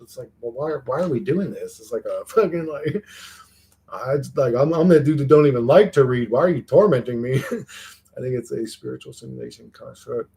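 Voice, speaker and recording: A man's voice: mid-range voice, animated, fairly quick, dark tone. A man hosting a casual livestream, reading chat comments and rambling, swearing freely and repeating words as he starts sentences.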